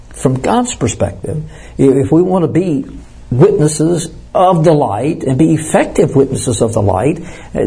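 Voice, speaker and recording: Man, middle-aged, sermon, earnest teaching tone, frequent restarts, warm dark timbre, slightly husky. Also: mid-range voice. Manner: earnest, explanatory, with frequent restarts and self-corrections. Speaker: pastor.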